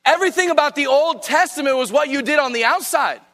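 A man's voice: very high-pitched, fast talker, sharp tone. A man preaching a sermon, reading scripture aloud and urging listeners to underline key phrases. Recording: long hall reverb.

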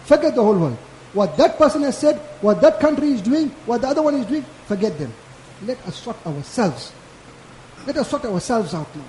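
High-voiced preacher. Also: male voice, sing-song, a little fast, dark tone, a little hiss or hum. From South Africa. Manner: casual, repetitive and emphatic preaching. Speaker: maulana giving a Friday lecture. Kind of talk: Friday sermon. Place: mosque. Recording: echoey mosque hall.

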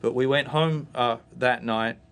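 A man's voice: mid-range voice, steady tone, unhurried, fairly bright tone, smooth. A man from Australia, a guest giving a storytelling personal testimony on a church talk show. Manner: storytelling, acts out voices in his anecdotes.

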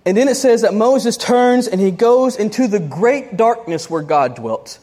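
Woman preacher, sermon delivery, animated and conversational, quick asides. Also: on the high side.

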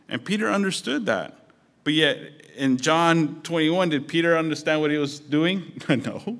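A man's voice: on the high side, animated, moderate pace, a bit bright. A man preaching a sermon as pastor, conversational and storytelling with touches of humor.

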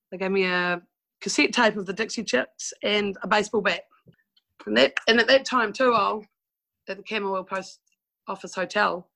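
A woman's voice: medium pitch, gravelly, fairly bright tone, low-quality recording. A woman from New Zealand with a New Zealand accent, frankly telling stories from her past in a casual interview. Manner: chatty and frank, with mild swearing and laughing asides. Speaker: guest telling life stories.

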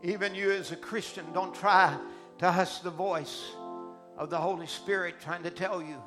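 A man preacher delivering an emphatic, deliberate sermon in a church. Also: high-pitched, fairly even intonation, music in the background. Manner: emphatic, slow and deliberate, swinging between soft and loud.

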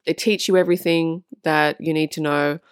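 A woman with a fairly low voice talks straight to her viewers in a casual, earnest monologue. She leans on repetition to drive her points home and drops a swear word now and then. The sound is dry and close, with no room echo. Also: steady tone, moderate pace, clean tone. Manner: earnest and emphatic, repeats phrases for stress. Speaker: spiritual vlogger on twin flames.

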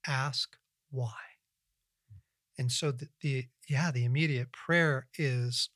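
A middle-aged man hosting a Christian podcast, talking earnestly and reflectively in casual conversational teaching, with lively bursts and frequent restarts. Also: medium pitch, slow, long pauses, no room sound, studio quality. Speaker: podcast host and Christian author.

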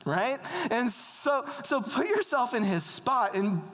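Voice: medium pitch, animated, unhurried, a bit bright. A preacher giving a casual, conversational sermon, often turning to the audience with questions. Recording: long hall reverb.

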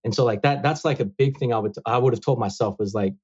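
A man in his thirties speaks as a guest in a casual interview. He talks in an earnest, reflective way, with plenty of fillers. His voice is a little husky, and the recording sounds slightly dull. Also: medium pitch, fast, darkish tone.

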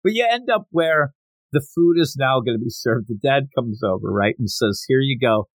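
A man's voice: mid-range voice, normal speed, dry recording, poor audio. A man hosting a podcast, chatting casually and acting out the lines of the people in the story he retells. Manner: animated storyteller who acts out quotes. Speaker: podcast host. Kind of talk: casual chat.

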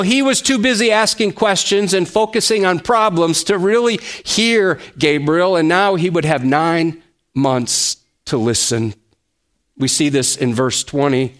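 A pastor preaching a sermon, slow and emphatic, with touches of gentle humor. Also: male voice, high voice.

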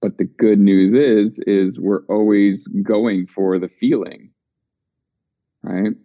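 A man's voice: on the low side, steady tone, slow pace, no room sound, muffled recording. A man guiding a group call in an earnest way, repeating words for emphasis. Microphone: video call.

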